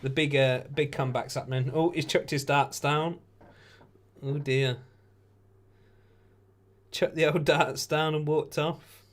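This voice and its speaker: A man's voice: a little high, fairly even intonation, a little slow, pauses often. A tired man hosting a live watch-along stream, giving laid-back, chatty commentary with jokey asides. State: tired, yawning. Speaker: stream host.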